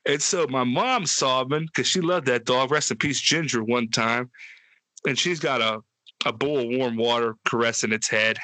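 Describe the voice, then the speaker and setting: A man's voice: mid-range voice, normal speed, dry recording. A man telling a wild story on a casual podcast, swearing freely and acting out quotes in a raised voice. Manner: profane, animated, acts out quotes with a raised voice. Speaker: podcast co-host.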